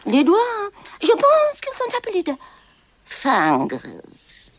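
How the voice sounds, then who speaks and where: A woman's voice: very high voice, wildly swooping pitch, slow pace, heavily acted. An actress playing a French lady-in-waiting who teaches her mistress English, speaking with a French accent in a period film. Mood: deferential.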